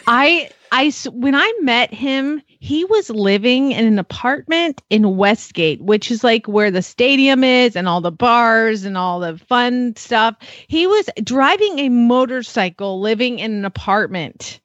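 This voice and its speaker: A woman co-hosting a podcast in casual chat, animated and jokey and laughing often. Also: a little high, a little slow, few pauses, no echo, highs cut off. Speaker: podcast co-host.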